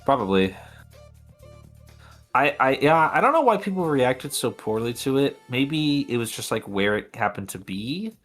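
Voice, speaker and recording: A man's voice: medium pitch, sing-song, normal speed, fairly bright tone, soft background music. A man co-hosting a podcast in casual chat, laughing often, swearing freely and rambling with fillers. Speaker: podcast co-host.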